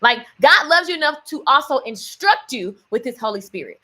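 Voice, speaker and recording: High, lively woman ranting. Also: normal speed. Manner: ranting, playful, calls listeners baby and honey. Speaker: faith-based lifestyle vlogger. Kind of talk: motivational faith talk to camera.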